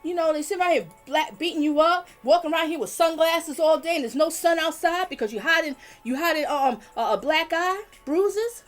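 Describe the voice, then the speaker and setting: A woman's voice: very high-pitched, normal speed, hardly any pauses, soft background music. A woman, hosting a livestream in a blunt, outspoken way, swearing and talking to her chat. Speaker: livestream host. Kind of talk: casual livestream talk.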